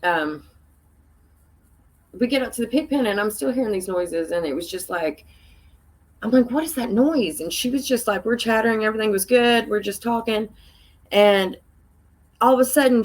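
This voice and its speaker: A woman, a podcast guest telling a story casually, laughing often and acting out what people said in a raised voice. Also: rough recording. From Tennessee. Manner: animated, laughs often, acts out quoted voices in a higher pitch.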